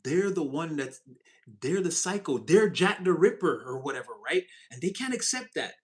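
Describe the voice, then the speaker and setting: A man giving a casual, animated tarot reading, chatty and expressive and quick to laugh. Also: fairly high pitch. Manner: animated, chatty, swings into voices, laughs often. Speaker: tarot reader.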